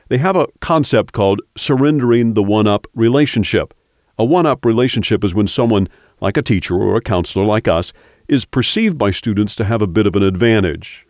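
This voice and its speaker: A man hosting a podcast, reading scripted narration in a measured way. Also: fairly low pitch, a little mellow, no echo. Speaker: podcast host. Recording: dry studio voice over faint music.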